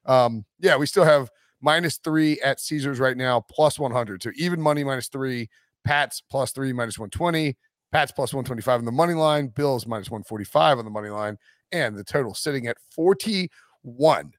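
A man hosting a sports betting podcast, talking in a jokey, animated way and laughing often. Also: mid-range voice, normal speed, no room sound, clean studio sound. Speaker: podcast host. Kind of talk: casual sports betting chat.

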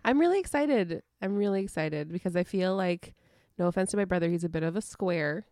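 A woman co-hosting a podcast in casual chat, bubbly and excitable, often trailing off. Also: lowish voice, brisk, no room sound, clean studio sound. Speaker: podcast co-host.

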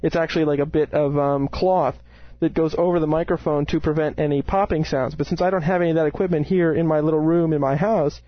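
A man's voice: fairly high pitch, fairly even intonation, quick pace, no room sound, lo-fi sound. A man co-hosting a casual podcast from a small room at home, joking and giggling, sometimes reading items in a put-on announcer voice. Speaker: podcast co-host. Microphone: home mic with pillowcase tied over mouth.

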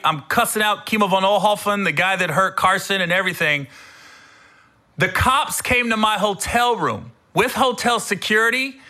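A middle-aged man hosting a podcast, telling comedic stories in an animated, rambling way with some swearing. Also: sits high. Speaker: podcast host. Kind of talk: comedic storytelling.

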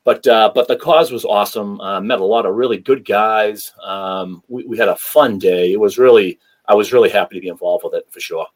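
A man's voice: fairly low pitch, a little fast, few pauses. A man from New England with a Boston accent, a former hockey player telling stories as a podcast guest. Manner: relaxed storyteller with many um fillers. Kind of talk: podcast interview.

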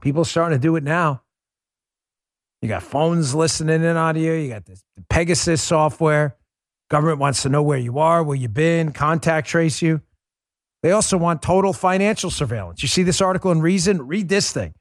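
A man's voice: a little high, moderate pace, no room sound, clean studio sound. A man hosting a political commentary show, speaking emphatically and sarcastically straight to his listeners. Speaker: show host.

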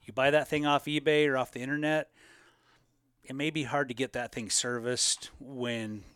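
A man co-hosting a casual live question-and-answer chat about elk hunting, talking in a relaxed, rambling way with plenty of fillers. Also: mid-range voice, moderate pace, smooth, dry recording, clean studio sound.

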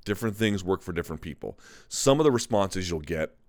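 Low, smooth-voiced man hosting a live chat. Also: expressive, a little fast, darkish tone, dry recording, studio quality. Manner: candid, rambling, self-correcting. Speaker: MMA live chat host. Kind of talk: casual live-stream commentary.

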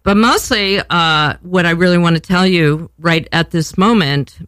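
A woman's voice: lowish voice, unhurried, fairly bright tone, dry recording. An older woman hosting a chat show, casual and rambling, cursing freely and poking fun at herself. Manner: rambling, profane, self-deprecating. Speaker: podcast host.

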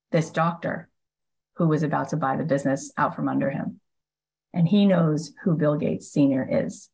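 A woman with a low, deep voice hosts her own show and tells a story in a loose, chatty way. She jumps into the voices of the people in the story and fills her speech with "like" and "he goes.". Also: gravelly, poor audio. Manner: lively storyteller who acts out quoted speakers; casual, with frequent "like" and "he goes". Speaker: podcast host. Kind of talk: storytelling monologue.

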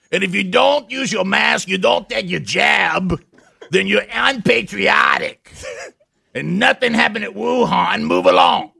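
A man's voice: high-pitched, creaky, sharp tone, breathy edge, full character voice. A man voicing a bossy, fussy older aunt who preaches, scolds and dotes.

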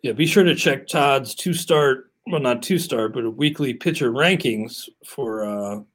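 A man co-hosting a sports podcast in casual chat, moving briskly through the rundown in a conversational way. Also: mid-range voice, fairly bright tone. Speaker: podcast co-host.

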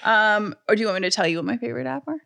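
A woman's voice: medium pitch, rapid-fire, vocal fry, noisy background. A woman co-hosting a casual chat podcast, talking in a chatty, upbeat way with many fillers. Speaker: podcast co-host.

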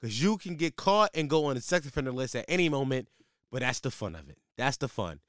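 Young guy telling a wild story, cursing a lot, voice shoots up high when he gets worked up, mid pitch. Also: fairly quick, no echo, studio quality. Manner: profane, slangy, animated; voice jumps high when exasperated. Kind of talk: casual storytelling.

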